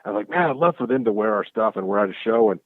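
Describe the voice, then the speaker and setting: A man with a fairly low voice tells stories with excitable energy, acting out what everyone said. His voice comes through a thin, tinny call line that sounds like a phone. The sound is dry, with no room around it. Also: racing, no echo. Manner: excitable, acts out quoted exchanges. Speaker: guest, clothing brand founder. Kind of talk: casual storytelling chat. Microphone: call audio.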